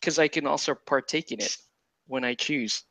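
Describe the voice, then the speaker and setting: A man's voice: mid-range voice, moderate pace, pushed and bright, a little hiss or hum, rough recording. A man casually chatting and joking while he paints miniatures on a livestream, swearing and laughing easily. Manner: laid-back, swears casually, laughs often. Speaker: stream host painting miniatures.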